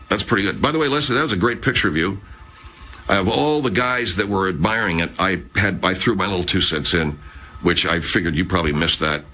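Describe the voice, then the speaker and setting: A man's voice: deep voice, brisk, bright, forceful tone. A man hosting a casual live chat, rambling, swearing, and reading out viewer comments. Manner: rambling, profane, chatty. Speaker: livestream host.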